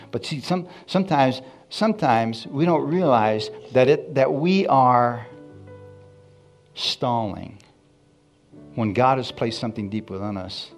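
A pastor preaches a sermon in a church, repeatedly calling on the congregation to respond. His voice is on the low side with vocal fry, and he shifts between loud, emphatic points and quiet asides.

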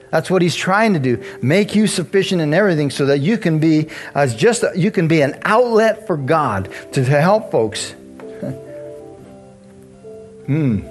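A man preaching a casual sermon, telling a personal story with frequent laughs and lively asides. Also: on the high side, moderate pace, faint music behind. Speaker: pastor.

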